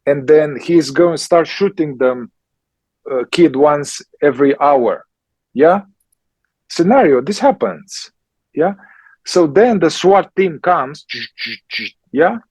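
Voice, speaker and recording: A man, a therapist and teacher answering questions in a slow, emphatic conversational way, often checking in with "yeah?". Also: on the high side, lively intonation, a little mellow, breathy edge, no room sound, low-quality recording. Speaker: somatic psychotherapist and teacher.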